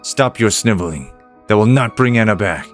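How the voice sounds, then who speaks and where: A man's voice: on the low side, normal speed, soft background music, natural voice. A man reading as a stern old sage. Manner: flat reading of game text aloud.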